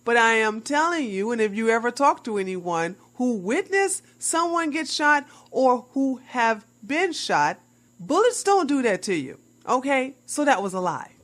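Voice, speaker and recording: A woman commentator with a high, lively voice speaks slowly and with a bright edge. She mocks the claims she reviews and chats to her viewers as y'all. Her delivery stays sarcastic and pointed. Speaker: commentary vlogger. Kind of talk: scripted commentary.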